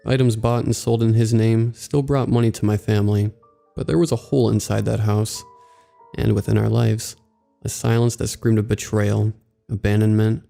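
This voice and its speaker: A man narrating a scripted horror story in a slow, measured way. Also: fairly low pitch, gravelly, dark tone. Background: faint background music.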